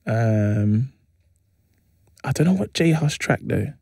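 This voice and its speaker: A man, a comedian chatting as a radio guest and telling lively anecdotes with plenty of slang fillers. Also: medium pitch, slow pace, vocal fry, dry recording, studio quality. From England. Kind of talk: casual interview chat, animated storytelling. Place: radio studio. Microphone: studio microphone.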